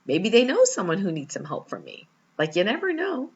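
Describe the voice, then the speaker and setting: A woman giving a spiritual teaching talk with personal stories, told in an animated, storytelling manner. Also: mid-range voice, brisk, slightly rough, highs cut off. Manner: warm, animated storytelling with laughs.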